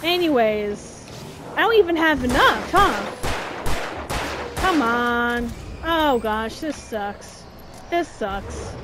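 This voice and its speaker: A woman commenting on her own game playthrough in a casual, exasperated way. Her voice sits high and she talks slowly. A steady wash of noise and game sounds runs under her. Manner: chatty, exasperated, exclaiming at the game. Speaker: gaming channel host. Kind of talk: casual let's-play commentary.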